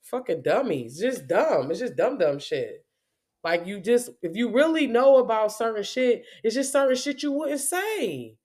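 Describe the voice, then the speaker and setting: A woman's voice: fairly high pitch, big pitch swings, unhurried, a little mellow. A woman giving a profane, confrontational spoken rant as a spiritual vlogger, cursing heavily and repeating herself.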